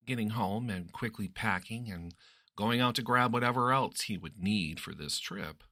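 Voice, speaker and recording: A man reading a story aloud as narrator in an expressive, lively way. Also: on the low side, husky, no room sound, clean studio sound.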